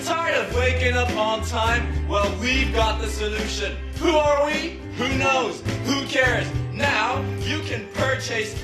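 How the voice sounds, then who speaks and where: Ein Mann spielt einen aufdringlichen Werbesprecher mit schnellen rhetorischen Fragen, aufgenommen in einem halligen Raum mit fernem Mikrofon und Musik dahinter. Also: male voice, very high-pitched, roomy sound, distant mic, over music, pitched above the performer's own voice. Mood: salesy. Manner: rapid rhetorical sales patter. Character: pushy male infomercial announcer.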